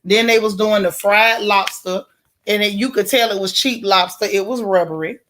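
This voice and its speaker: A woman from Florida hosts a casual morning livestream and answers her viewers as she goes. She talks in a blunt, animated way, full of slang, and laughs often. Her voice sits at a medium pitch. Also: normal speed, slight background noise. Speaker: livestream host. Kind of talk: casual livestream chat reading viewer comments.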